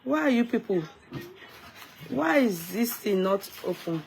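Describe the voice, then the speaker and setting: A woman's voice: a little high, animated, a little slow, gravelly, a little mellow, a little hiss or hum. A Nigerian woman hosts a live stream off the cuff. She talks emphatically and lectures her viewers, often repeating and restarting her words. She greets people one by one by name. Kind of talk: unscripted live-stream commentary.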